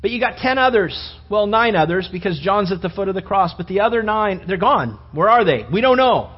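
A man preaching a sermon, telling the story with animated storytelling and acting out the disciples' voices. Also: high voice, fairly quick, slightly rough, highs cut off. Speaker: pastor.

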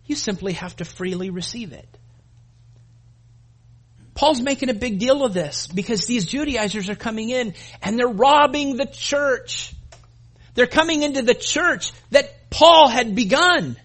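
A man's voice: very high-pitched, lively intonation, unhurried, fairly bright tone. A man preaching a sermon as a pastor, speaking emphatically, building intensity and addressing the congregation directly. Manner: calls the congregation "gang", acts out voices.

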